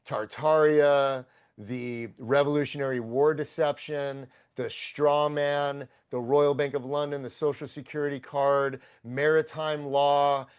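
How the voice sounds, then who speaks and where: A man, a podcast guest, telling a long story in a casual, profane, excitable and rambling way. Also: medium pitch, measured pace, clear, resonant tone.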